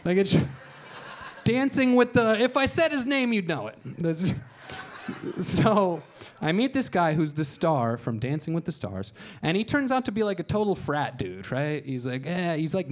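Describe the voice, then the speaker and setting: A man in his thirties doing stand-up storytelling on a comedy show stage, deadpan and crude, slipping into voices for the people he quotes. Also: on the high side, moderate pace.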